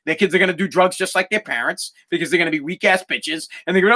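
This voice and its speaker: High sharp-voiced guy on his podcast mic, cursing his way through a blunt rant. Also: fast, few pauses. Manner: profane, combative, mocking put-on whiny voices. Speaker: podcast host. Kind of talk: blunt opinion monologue.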